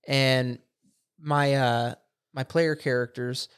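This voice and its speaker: A man's voice: mid-range voice, steady tone, slow pace, clear, resonant tone. A man co-hosting a podcast, casually telling a rambling story and acting out quotes. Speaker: podcast co-host. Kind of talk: casual chat. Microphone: studio microphone.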